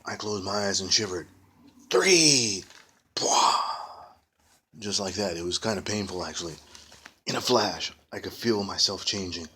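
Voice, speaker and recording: Husky low-voiced man reading a storybook. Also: steady tone, a little fast, sharp tone. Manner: playful, adds casual asides. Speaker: reader of a children's book. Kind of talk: storybook reading with ad-libbed asides.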